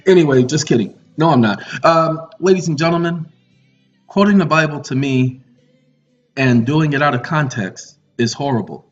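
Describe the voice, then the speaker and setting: Guy lecturing, preachy and teasing, higher voice, muffled audio with faint music. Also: normal speed. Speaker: online lecturer. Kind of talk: lecture monologue.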